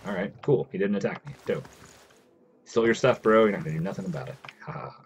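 A man with a very low voice chats casually to his viewers during a live game stream. He talks loosely and reads the game's text aloud as he goes. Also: expressive, fast, highs cut off, a little hiss or hum.

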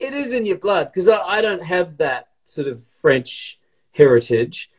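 A middle-aged man talks casually as he bakes, his voice sitting a little high for a man. He jokes, rambles and pokes fun at himself. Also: sing-song, measured pace, slightly rough. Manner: jokey, rambling, self-mocking. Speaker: actor baking along. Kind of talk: casual chat.

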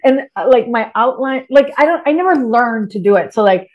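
Animated, swearing woman guest in casual chat. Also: on the high side, fairly quick, lo-fi sound. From Texas. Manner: animated, swears freely, laughs often. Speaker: podcast guest, writer.

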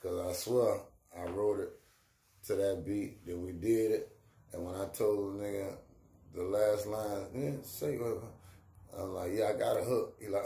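Low, gravelly, and dark, the voice of this middle-aged rapper stays steady and unhurried while he tells casual stories about his career. He drops street slang and acts out quoted voices. It's recorded in an echoey space with faint ambient noise.

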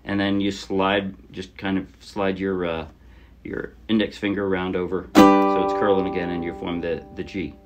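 A man teaching a ukulele song in a casual, chatty way, often trailing off softly and poking fun at himself. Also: low-pitched, little pitch movement, normal speed, music in the background. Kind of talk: casual tutorial explanation. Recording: loud ukulele playing under the voice. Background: ukulele strumming.

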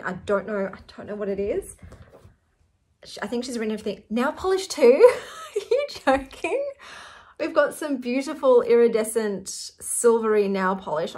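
A woman's voice: fairly high pitch, slight background noise. A woman in her forties with an Australian accent, chatting to camera in an effusive, giggly way. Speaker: vlogger. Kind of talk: casual chat to camera.

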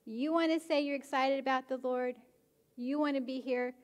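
A woman pastor preaching a sermon, animated and emphatic, often pushing her questions to the congregation. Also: sits high, normal speed. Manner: animated, rising to emphatic exhortation. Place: church sanctuary.

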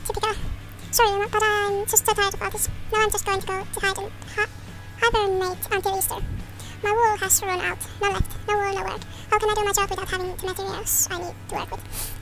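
A woman reading a tired, gloomy wool worker's game lines aloud in a squeaky put-on voice, with game music under her. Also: level tone, fast, rough recording. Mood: weary.

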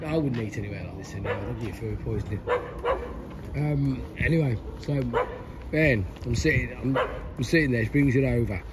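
Filming a walking travel vlog outdoors at night on a handheld camera, a man speaks at moderate pace and medium pitch, chatting in a rambling way with frequent restarts. Behind him the noisy street recording carries street sounds and dogs barking.

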